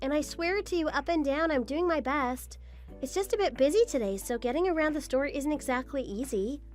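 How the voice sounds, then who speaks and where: A woman's voice: sits high, lively intonation, fairly quick, soft background music. A woman voicing a patient, apologetic young daughter-in-law in a scripted story drama. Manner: apologetic, polite, gently defensive.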